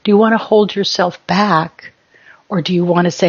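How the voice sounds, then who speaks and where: A woman's voice: lowish voice, fairly even intonation, normal speed, slightly rough, lo-fi sound. A woman spiritual teacher giving an emphatic motivational talk in short, exhorting commands.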